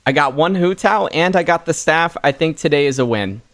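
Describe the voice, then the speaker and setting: A man's voice: on the high side, expressive, fairly quick, fairly bright tone, no echo. A young man hosting a casual live stream, chatty and trailing off with fillers. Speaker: streamer and host.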